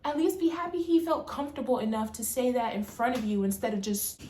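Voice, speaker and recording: A woman's voice: a little high, lively intonation, a little fast, dark tone, roomy sound, a little hiss or hum, natural voice. A woman voicing a condescending female coworker who talks in a falsely sweet, placating way.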